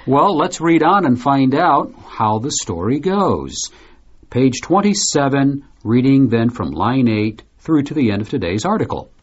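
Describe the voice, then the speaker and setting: A man from the United States hosting a radio English lesson, explaining a story and asking questions in a relaxed way. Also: mid-range voice, a little slow, slightly rough, muffled recording. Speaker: English teacher and host.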